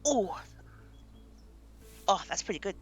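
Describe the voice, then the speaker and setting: A young woman streaming a game and chatting casually, animated and laughing often. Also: mid-range voice, slow, husky, faint music behind. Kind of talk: casual live-stream chat.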